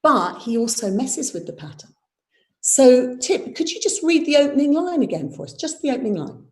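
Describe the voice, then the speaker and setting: A woman's voice: high-pitched, big pitch swings, moderate pace, darkish tone. A woman, a theatre director leading a live online workshop, explaining verse and tapping out its rhythm aloud. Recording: roomy echo.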